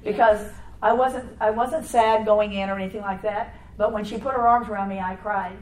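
An older woman giving a rambling, animated personal testimony to a church congregation, laughing often as she tells her story. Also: mid-range voice, moderate pace, rough recording.

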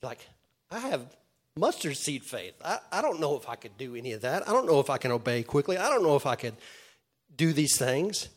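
A man preaching a sermon in an earnest way, with many restarts, moving from loud calls to the congregation to quiet retelling. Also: a little high, sing-song, fairly quick. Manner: earnest, swings from loud calls to soft storytelling; stammering restarts.

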